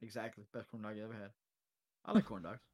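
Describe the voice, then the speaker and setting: A young man chatting casually about a tabletop game with friends, animated and laughing, swearing freely. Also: lowish voice, quick pace, a crowd in the background. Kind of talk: casual chat.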